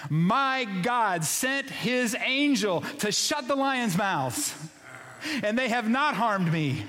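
A pastor voicing a calm, earnest prophet. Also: male voice, very high voice, slow, slight background noise, pitched above the performer's own voice, full character voice. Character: calm faithful prophet answering a king.

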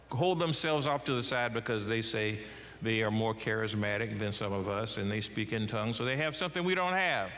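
A middle-aged man preaching a sermon as pastor, swinging his pitch and loudness widely as he talks. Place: church sanctuary. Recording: church hall with long reverb.

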